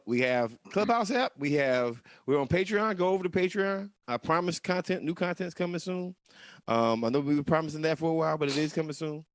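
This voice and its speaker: A man's voice: medium pitch, clean tone, dry recording. Guy co-hosting, voice bouncing all over, dry close sound, jokey. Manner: lively, joking, plugging his channels. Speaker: co-host. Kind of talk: casual political talk show.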